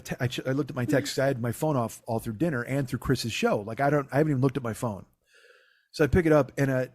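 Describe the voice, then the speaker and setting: A man's voice: mid-range voice, no room sound, clean studio sound. A middle-aged man hosting a comedy podcast, telling a story in casual chat, swearing freely and acting out both sides of the dialogue. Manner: profane, animated, acts out quoted dialogue.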